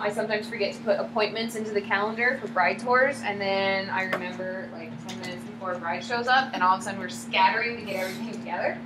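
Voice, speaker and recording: Female lecturer, higher voice, questions her class often; echoey classroom, hum behind. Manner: lively, asks the class questions. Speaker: psychology lecturer. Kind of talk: classroom lecture with acted examples.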